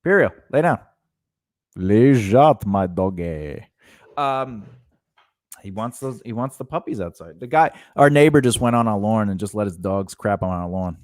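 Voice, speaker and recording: A man's voice: on the low side, lively intonation, normal speed, a little mellow, dry recording, clean studio sound. A man co-hosting a home podcast, chatting casually in a rambling way and breaking off to talk to his dog. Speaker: podcast co-host. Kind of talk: casual chat.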